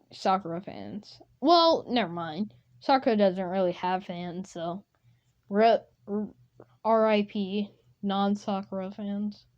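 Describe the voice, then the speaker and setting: Slow, rambling woman telling a fan story. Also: medium pitch, darkish tone, lo-fi sound. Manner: rambling, full of fillers like 'you know'. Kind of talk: casual improvised fan-fiction retelling.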